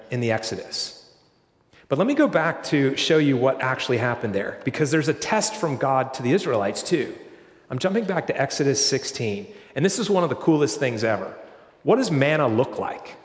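A man's voice: mid-range voice, animated, normal speed. A man preaching a sermon, explaining scripture in a conversational way and asking rhetorical questions. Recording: echoey hall, long reverb.

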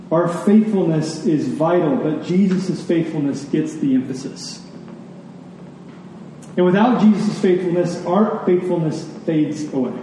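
A man's voice: fairly high pitch, dark tone, slight background noise. A man preaching a sermon as a pastor, emphatic and rhythmic, leaning on key words. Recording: echoey hall, distant mic.

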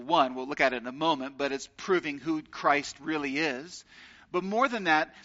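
Bright-voiced male preacher, lo-fi sound. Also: a little high. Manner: earnest preaching, slows for emphasis on key phrases. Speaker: pastor. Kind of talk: sermon.

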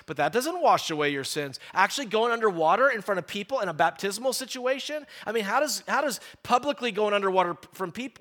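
A middle-aged man preaching a sermon, stressing key phrases slowly and often repeating words as he talks. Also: sits high, a bit bright.

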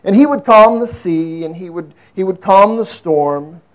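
An earnest male preacher with a fairly high voice delivers a sermon. He climbs into loud, emphatic stretches, then sinks back to low, hushed asides. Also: a little slow.

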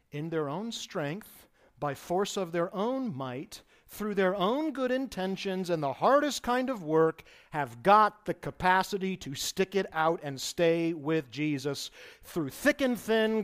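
A man preaching a sermon with emphatic delivery, swelling his voice for stress and dropping it low for asides. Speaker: pastor.

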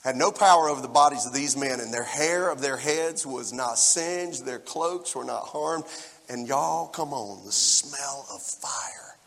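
A man in his forties preaching a lively sermon and talking straight to the congregation in a church hall. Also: mid-range voice, moderate pace, creaky. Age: 40s. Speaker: pastor. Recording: long church-hall reverb.

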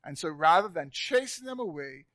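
Man preaching, high voice, dry sound, loud then soft, repeats words for emphasis, church sermon. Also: big pitch swings, moderate pace, no echo. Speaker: pastor. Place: church sanctuary, live congregation.

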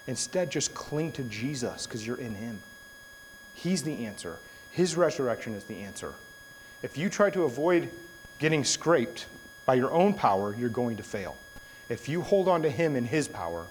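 In a roughly recorded clip with a little background noise, a young man delivers a sermon in a mid-range voice. He tells a story casually, then shifts into earnest exhortation.

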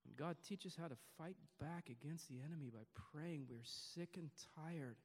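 A man preaching a sermon to his congregation, rising to loud emphatic peaks and dropping to quiet, hushed passages. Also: on the high side, moderate pace, husky, big-room sound. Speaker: pastor. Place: church service before a congregation.

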